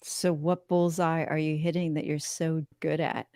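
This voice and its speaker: A woman's voice: low voice, flat delivery, unhurried, warm tone, no echo. Reflective woman hosting, dry sound. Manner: reflective, many "you know" fillers. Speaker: podcast host. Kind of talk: casual interview chat.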